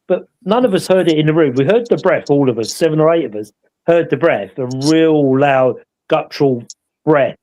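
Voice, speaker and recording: Chatty man, higher-pitched. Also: lively intonation, a little fast, a little mellow, poor audio. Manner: rambling, tag questions seeking agreement. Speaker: paranormal investigator co-hosting a live show. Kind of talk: casual anecdotal storytelling.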